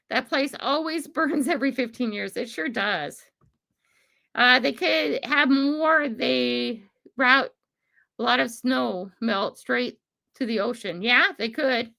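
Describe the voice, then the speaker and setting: A woman's voice: fairly high pitch, vocal fry, sharp tone. An older woman hosting a casual livestream, talking passionately and emphatically, rambling and laughing often. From Pacific Northwest of the USA. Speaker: livestream host.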